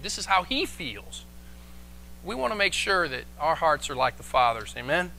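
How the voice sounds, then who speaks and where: A man preaching a sermon as pastor, animated and acting out the voices he quotes. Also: on the high side, normal speed, vocal fry. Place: church, live stream.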